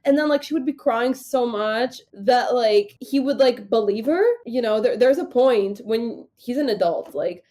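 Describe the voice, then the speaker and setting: Mellow-voiced woman talking haltingly. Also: on the high side. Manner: halting, full of fillers and restarts. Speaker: podcast guest. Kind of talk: casual interview conversation.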